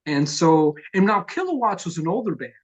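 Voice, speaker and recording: A middle-aged man, a punk vocalist telling profane, lively stories in an oral history interview. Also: high voice, fairly quick, lo-fi sound. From New York. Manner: profane, animated storyteller who acts out quotes.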